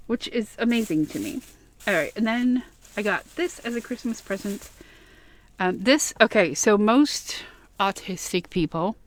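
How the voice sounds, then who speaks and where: Woman vlogger, casual gushing chat, mid pitch, slightly worn voice, dry room. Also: dry recording. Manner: gushing, chatty, giggly asides. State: voice getting worn. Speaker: vlogger showing a plush haul.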